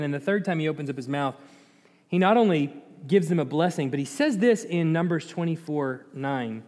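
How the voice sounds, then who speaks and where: A man with a bright voice teaches Scripture in a loose, conversational way, tossing questions to his listeners. The sound carries a long, reverberant hall echo. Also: on the high side, lively intonation, normal speed. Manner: conversational, quizzes the audience, chuckles. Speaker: Bible teacher. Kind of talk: informal Bible teaching.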